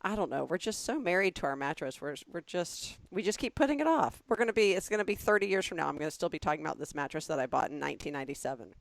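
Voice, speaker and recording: A woman in her forties chatting on a podcast, with a low, gravelly voice. She talks in a chatty, self-deprecating way and throws in animated asides. The sound is close and dry, with no room around it. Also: fast, hardly any pauses, no room sound. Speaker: podcast co-host. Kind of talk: casual chat.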